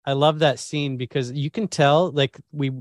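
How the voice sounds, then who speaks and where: A man guesting on a podcast, bantering in an animated, joking casual chat. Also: a little high, normal speed, dry recording, studio quality.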